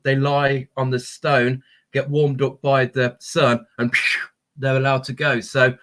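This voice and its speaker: Man, live-stream host, soft encouraging tone, spiritual chat, average pitch. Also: level tone, measured pace. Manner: gentle, encouraging, spiritual talk with many ums. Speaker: crystal healing livestream host. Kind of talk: live-stream chat reading viewer comments.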